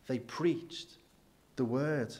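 A man, preaching a sermon in church with rhetorical questions, dropping low and quiet for emphasis. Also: drawn-out words.

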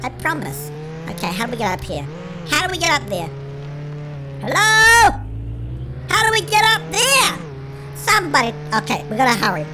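A performer voicing an excitable cartoon chipmunk in a sped-up chipmunk filter, giving panicky, shrieky game commentary as the channel host. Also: sits high, normal speed, pauses often. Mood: frantic. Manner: shrieky, panicky, constantly shouting to friends. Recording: noisy game sounds behind.

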